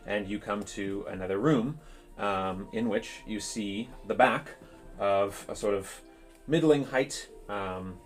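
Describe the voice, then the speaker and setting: A man narrating a tabletop game as game master, speaking haltingly with many pauses and fillers. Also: fairly low pitch. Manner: halting, full of ums and uhs.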